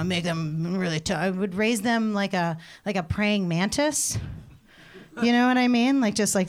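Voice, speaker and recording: A young woman performing a stand-up comedy set, rambling through stories and acting out the voices of people in them. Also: mid-range voice. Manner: rambling, animated storytelling with laughs and acted-out voices.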